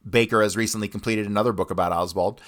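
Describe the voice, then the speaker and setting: Swearing man with a low voice. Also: steady tone, fast talker, fairly bright tone. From United States. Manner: blunt, swears often, rants between readings. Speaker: podcast host. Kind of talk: history commentary with read-out passages.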